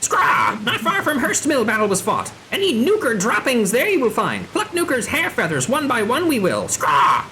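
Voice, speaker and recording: A woman voicing a proud male bird-man warrior in a game read-along, speaking in backwards word order with squawks and shouts. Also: fairly high pitch, big pitch swings, moderate pace, hardly any pauses, noisy background, voice pushed up. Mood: vengeful.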